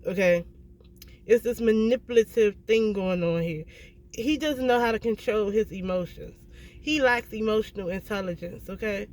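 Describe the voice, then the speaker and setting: Brief: outspoken tarot reader, mid-pitched voice, blunt and profane, faint room hum behind. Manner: blunt and emphatic, swears freely; keeps checking in with "okay?". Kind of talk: casual tarot reading to viewers.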